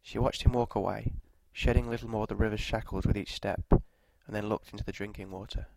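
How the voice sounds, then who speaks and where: A man narrating a scripted story in a measured, even delivery, with walking directions at the end. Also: fairly low pitch, gravelly, a little hiss or hum, poor audio.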